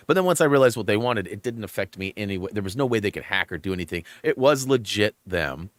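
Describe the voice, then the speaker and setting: A man's voice: lowish voice, fast talker, few pauses, no room sound. A middle-aged man hosting a gaming channel, chatting casually and acting out quotes, laughing often as he tells stories over gameplay. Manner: animated storyteller who acts out quotes, laughs often. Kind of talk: casual gameplay commentary and storytelling.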